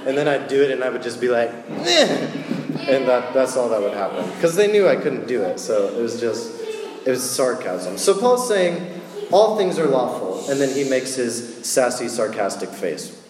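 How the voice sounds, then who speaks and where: A man's voice: medium pitch, very animated, normal speed, a crowd in the background. A man giving a casual sermon, chatty and joking with slangy asides. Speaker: preacher. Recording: echoey hall with long reverb.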